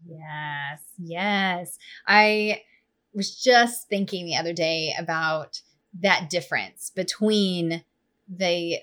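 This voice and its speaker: A woman in her thirties hosting a podcast, chatting casually and telling stories with animated, playful touches. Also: on the low side, slow. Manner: warm, animated storytelling with playful voices. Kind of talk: casual conversation.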